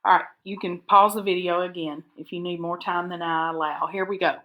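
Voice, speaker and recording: A woman teacher, dictating spelling words and breaking them into syllables slowly and carefully for a recorded lesson. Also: on the low side, fairly bright tone. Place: recorded for an online video lesson.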